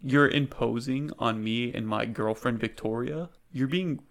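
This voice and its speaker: A man's voice: medium pitch, unhurried, vocal fry, fairly bright tone. A man voicing a whiny young man who pleads with his girlfriend's rival.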